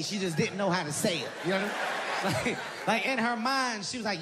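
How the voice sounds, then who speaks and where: A man, a comedian, telling animated family stories full of laughter in stand-up and talk show clips. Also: extremely high pitch, moderate pace, over a noisy crowd, heavy background noise.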